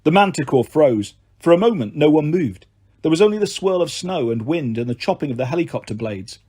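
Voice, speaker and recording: A man narrating a first-person audiobook with an expressive, dramatic delivery. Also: fairly high pitch, a little fast, breathy edge.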